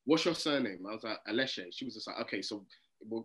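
A man's voice: lowish voice, expressive, quick pace, fairly bright tone. A man with a London accent, a comedian guest in a casual interview, telling stories with animation and acting out the voices of people he quotes. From England.

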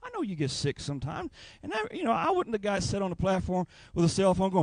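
A man's voice: sits high, quick pace, few pauses, no room sound. A man preaching a Pentecostal revival sermon, telling folksy stories and acting out voices. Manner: animated, folksy storytelling with acted voices.

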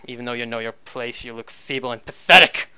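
A man voicing a harsh, shouting male Commissar who barks bullying orders. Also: mid-range voice, fast, clean tone, no room sound, pitched below the performer's own voice, natural voice. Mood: scornful. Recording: dull lo-fi voice chat.

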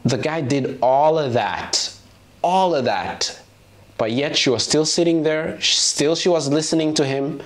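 A man's voice: on the high side, unhurried. Man ranting in a reaction video. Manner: animated, ranting. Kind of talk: casual reaction commentary.

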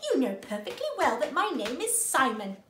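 A woman's voice: high-pitched, very animated, moderate pace, a little hiss or hum. A woman voicing a prim, well-spoken little boy rabbit who talks in a haughty, formal way. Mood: indignant. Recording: roomy echo.

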